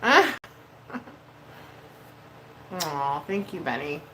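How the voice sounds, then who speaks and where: A woman's voice: low-pitched, very animated, extremely slow, bright, forceful tone, slight background noise, poor audio. A woman hosting a casual livestream while doing her makeup, emotional and venting, swearing freely and laughing often. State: emotional, near tears. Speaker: livestream host.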